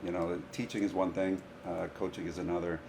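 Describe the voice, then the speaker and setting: A man, a high school golf coach, telling stories in a casual podcast chat and often laughing through them. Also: brisk, a little hiss or hum. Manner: animated, laughs through his own stories.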